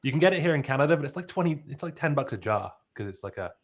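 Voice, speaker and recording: A man's voice: mid-range voice, lively intonation, racing. A man in his twenties with a British accent and a slight Australian twang, chatting casually as a guest and laughing easily. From United Kingdom. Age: 20s. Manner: chatty, laughing, many restarts. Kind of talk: casual video chat.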